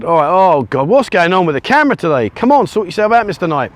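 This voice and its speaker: On a sunny beachfront next to a busy road, a middle-aged English vlogger from the UK talks to a handheld camera held at arm's length. His high voice is sing-song and fast with few pauses as he rambles casually and pokes fun at himself. Faint traffic noise drifts in.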